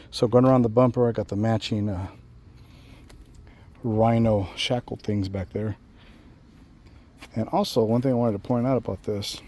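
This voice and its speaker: Low-ish and dark, the man's voice carries a casual install walkthrough and product review. As the channel host covering a bumper install, he rambles with plenty of fillers and restarts.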